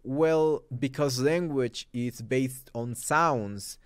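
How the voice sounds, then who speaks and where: Mexican-accented male host, Spanish-speaking native, smooth resonant voice, dry close sound, emphatic casual commentary. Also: medium pitch, drawn-out words, dry recording. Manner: emphatic, conversational, with many asides. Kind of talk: opinion commentary.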